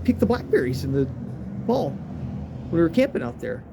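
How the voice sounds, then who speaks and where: A man's voice: fairly high pitch, big pitch swings, moderate pace, vocal fry, background noise. A man telling a rambling, profane story in casual speech, full of restarts and fillers.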